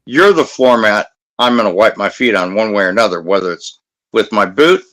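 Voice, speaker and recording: A man's voice: fairly low pitch, lively intonation, brisk, a bit bright. A man in his fifties who works as a security guard, telling a story in blunt, profane, combative casual talk. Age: 50s.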